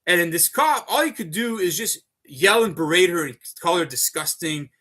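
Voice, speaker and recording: A man's voice: high-pitched, lively intonation, moderate pace, bright, forceful tone. A man on a live stream, delivering an unscripted, rambling rant full of swearing, who keeps repeating himself and calling his viewers folks. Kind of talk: unscripted ranting monologue.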